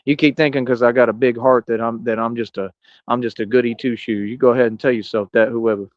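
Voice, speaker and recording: A man's voice: mid-range voice, fairly even intonation, quick pace, dry recording. A man in his thirties ranting boastfully and confrontationally in a rambling livestream monologue. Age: 30s. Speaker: streamer. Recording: dull lo-fi dry sound.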